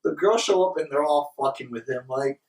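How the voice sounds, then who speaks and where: A young man co-hosting a podcast, telling stories in animated, profane casual chat. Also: fairly high pitch, a little fast, echoey room. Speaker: podcast co-host. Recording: distant mic.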